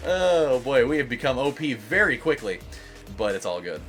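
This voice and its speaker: A man's voice: mid-range voice, sing-song, normal speed, a bit bright, faint music behind. A young man giving casual gameplay commentary as a let's play host, rambling with lots of fillers and swearing.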